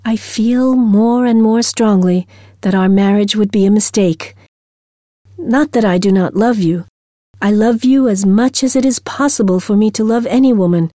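A woman's voice: medium pitch, moderate pace, dark tone, dry recording, studio quality, close to an everyday voice. A woman reading a man's formal breakup letter. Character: man writing a cool, formal breakup letter.

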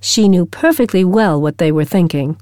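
A woman reading a short story aloud in a slow, deliberate storytelling manner. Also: on the low side, animated, dark tone, dry recording, clean studio sound. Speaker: audiobook narrator. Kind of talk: scripted narration of a short story.

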